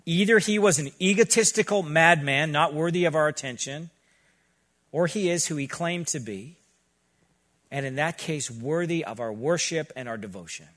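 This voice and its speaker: Higher-voiced man preaching a conversational sermon. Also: fairly bright tone. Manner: earnest, conversational preaching with quick asides. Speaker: pastor.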